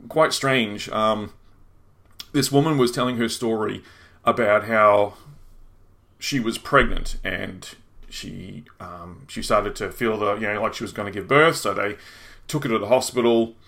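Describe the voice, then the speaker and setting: A man co-hosting a casual chat, telling a story in a rambling, halting way with many restarts. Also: lowish voice, gravelly, bright, forceful tone.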